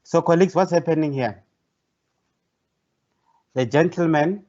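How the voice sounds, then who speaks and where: Over dull, low-fidelity online call audio, a male professor runs a training workshop. He talks at a measured pace in a fairly high, slightly mellow voice, sounding conversational and hesitant, and he repeats phrases.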